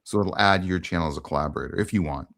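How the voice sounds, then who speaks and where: A man's voice: low voice, very fast, fairly bright tone. A man hosting a casual online conversation, talking earnestly with frequent ums. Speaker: host.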